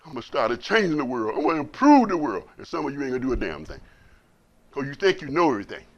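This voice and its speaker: A man preaching a Friday sermon as imam, blunt and colloquial, repeating words for emphasis and swinging from loud preaching to low asides. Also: big pitch swings, quick pace, lo-fi sound.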